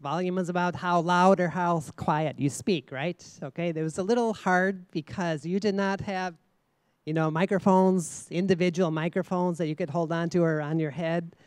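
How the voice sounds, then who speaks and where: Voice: mid-range voice, fairly even intonation, normal speed, darkish tone, clear, resonant tone, no room sound. A contest judge speaking from a stage microphone in a very large room, giving spoken feedback to student contestants. The judge talks in a teacherly way, posing questions to the audience and checking in with frequent "okay?".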